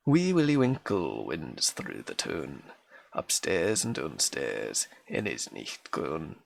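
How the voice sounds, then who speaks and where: A man putting on a broad Scots accent to recite a dialect poem in a loud, sing-song way. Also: a bass voice, huge pitch swings, takes it slowly, vocal fry, pitched below the performer's own voice, exaggerated voice. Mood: lilting. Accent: put-on Scots.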